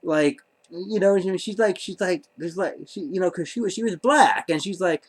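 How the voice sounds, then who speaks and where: A man's voice: high voice, normal speed, slightly rough. A man telling a story to camera in a rambling, stammering way, full of exasperated disbelief. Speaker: vlogger.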